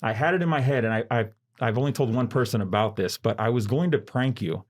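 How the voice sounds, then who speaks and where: A man as a podcast guest in casual chat, humble and quick to laugh. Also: mid-range voice.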